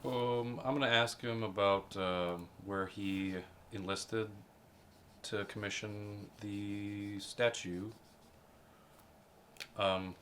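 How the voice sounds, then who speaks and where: A man's voice: fairly low pitch, steady tone, takes it slowly, a bit bright, a little hiss or hum. A man playing a tabletop game, speaking in an easygoing, hesitant way. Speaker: player. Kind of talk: casual tabletop play.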